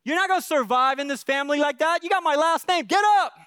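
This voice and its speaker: A man's voice: very high-pitched, fast, sharp tone, no echo, clean studio sound. A man voicing a harsh, impatient father who barks short scolding commands at his stumbling child.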